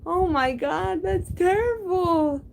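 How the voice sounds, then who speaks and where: A woman's voice: extremely high pitch, slow pace, vocal fry, darkish tone, a little hiss or hum, rough recording. A young woman chatting casually to her viewers, stammering and restarting her words with frequent giggles. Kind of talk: casual chat.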